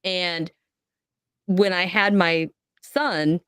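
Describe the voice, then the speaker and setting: A woman's voice: lowish voice, fairly even intonation, extremely slow, fairly bright tone, smooth, dry recording, clean studio sound. A woman on a podcast telling a personal ghost story, acting out the voices she quotes. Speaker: podcast guest.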